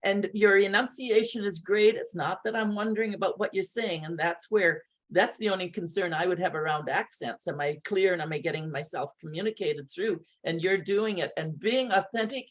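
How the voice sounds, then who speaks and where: A woman's voice: mid-range voice, moderate pace. Enthusiastic woman speaking coach. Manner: warm, enthusiastic praise. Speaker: speaking coach hosting a session. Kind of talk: encouraging feedback on a video call.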